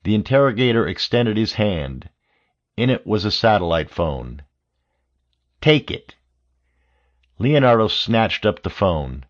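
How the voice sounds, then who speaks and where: A man narrating an audiobook in a steady, measured way. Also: lowish voice. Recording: dull lo-fi audio.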